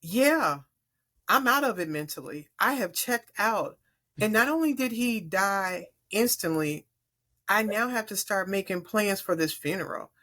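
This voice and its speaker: A middle-aged woman from Chicago, a podcast guest speaking in an earnest, encouraging, deliberate way. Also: medium pitch, animated, sharp tone. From Chicago, USA. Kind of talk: earnest advice in conversation.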